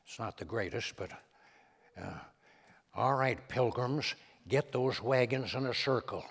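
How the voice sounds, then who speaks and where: Give me a man doing a soft, halting older president's voice in a reverberant hall. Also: medium pitch, gravelly, slightly rough, voice pushed down. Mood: modest. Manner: hesitant, murmured, trailing delivery.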